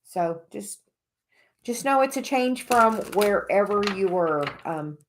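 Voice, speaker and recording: A woman's voice: mid-range voice, lively intonation, slow pace, noisy background. A woman giving oracle card readings on a casual livestream, rambling with many fillers and restarts.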